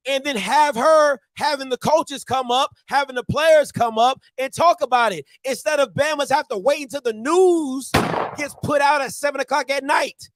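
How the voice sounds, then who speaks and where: High-pitched dude ranting on his show, dry mic, keeps repeating the point. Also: moderate pace, a bit bright, no echo. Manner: ranting, repetitive, mocking put-on voices. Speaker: show host. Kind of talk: animated morning-show rant.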